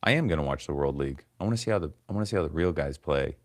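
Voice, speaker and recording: A man's voice: very deep voice, animated, rapid-fire, dry recording, studio quality. A man in his forties hosting a casual livestream, rambling and swearing as he grumbles to his chat. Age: 40s. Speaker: comedian livestream host.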